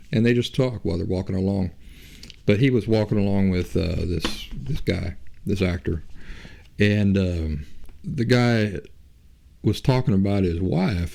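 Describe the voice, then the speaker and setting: Male podcast host, low and gravelly, rambling argumentative monologue. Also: dark tone. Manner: rambling, argumentative, rhetorical questions. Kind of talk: casual monologue.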